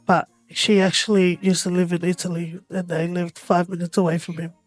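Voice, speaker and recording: A woman's voice: on the low side, little pitch movement, fairly quick, dry recording, faint music behind. A woman co-hosting a podcast, casually rambling with many "like" fillers. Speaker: podcast co-host. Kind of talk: casual chat.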